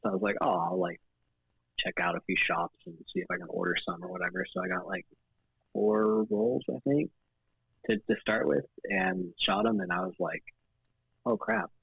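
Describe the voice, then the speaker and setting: A man guesting on a casual chat show, laid-back and full of fillers, jumping up in pitch when he quotes himself. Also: big pitch swings, moderate pace, creaky, slightly rough, dry recording, dull audio. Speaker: guest photographer.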